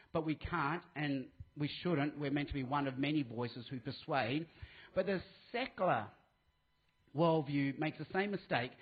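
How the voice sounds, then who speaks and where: An Australian man giving a live talk, answering a question in a lively way and acting out what others say. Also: a little high, breathy edge. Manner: animated, acts out voices, restarts. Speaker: speaker. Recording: tinny phone-like sound.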